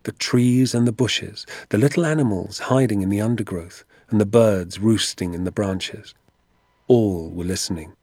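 A man reading a first-person story aloud as narrator, in a measured, hushed storytelling manner. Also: lowish voice, breathy edge, no echo, clean studio sound.

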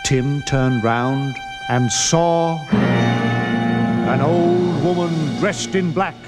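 A man reading a children's story aloud, animated and laughing often. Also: on the high side, extremely slow. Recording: reverberant with music behind.

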